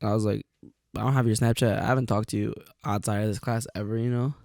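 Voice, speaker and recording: A young man co-hosting a podcast, telling stories in a casual, profane, animated way and acting out the quotes. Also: lowish voice, fast talker, vocal fry, dry recording, studio quality. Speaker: podcast co-host. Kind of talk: casual storytelling chat.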